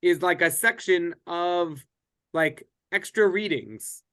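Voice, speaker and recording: A man's voice: high voice, takes it slowly, a bit bright, clear, resonant tone. A man teaching a casual Bible study class, speaking conversationally with frequent restarts and fillers.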